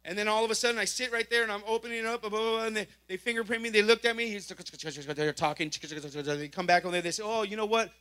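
A man giving a church testimony, telling his story with lively acted-out dialogue. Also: high-pitched, fast talker, few pauses. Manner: animated storytelling, acting out dialogue. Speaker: testimony speaker.

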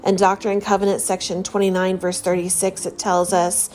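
A woman giving a devotional talk in an earnest, measured way, reading scripture passages aloud between her own reflections. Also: mid-range voice, flat delivery, darkish tone. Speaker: religious speaker. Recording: faint music behind the voice.

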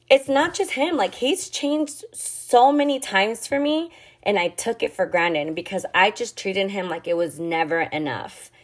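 A young woman hosting a podcast, telling a personal story in a candid, confessional way, swearing often and filling her talk with "like.". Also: medium pitch. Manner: candid, heavy swearing and filler "like". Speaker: podcast host.

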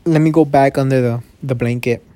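A young man hosting his own podcast, chatting casually in a rambling, profane way, recorded on a phone in his dark bedroom. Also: medium pitch, steady tone, brisk, no echo. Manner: rambling, profane, restarts often. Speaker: podcast host. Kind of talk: casual solo podcast chat. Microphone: phone microphone.

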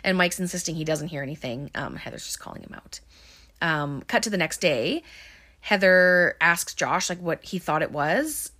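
A woman walks through a film's plot in a loose, conversational recap, peppering it with ums and likes. Her voice sits a little low for a woman. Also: animated, normal speed, bright, forceful tone. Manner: chatty, many ums and likes. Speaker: movie recapper. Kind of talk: casual movie recap narration.

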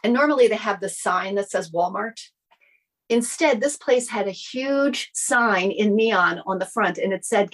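A woman's voice: mid-range voice, rough recording. A middle-aged woman telling a personal story in a casual interview, acting out the lines of the people in it. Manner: animated, acts out quoted dialogue. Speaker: guest sharing a personal story.

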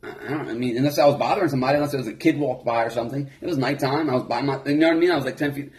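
A man in casual, profane conversation, animated and acting out the voices of people he quotes. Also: mid-range voice, very fast. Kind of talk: casual chat.

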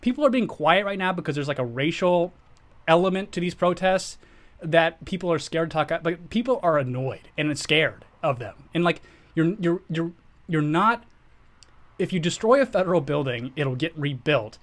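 A man's voice: a little high, animated, normal speed. A man co-hosting a casual podcast, ranting heatedly about politics with profanity and frequent restarts. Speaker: podcast co-host.

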